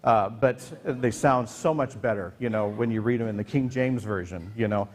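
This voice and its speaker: A man's voice: lowish voice, normal speed. A man preaching a casual sermon as pastor, talking conversationally with many fillers and restarts, sometimes acting out the voices in the story.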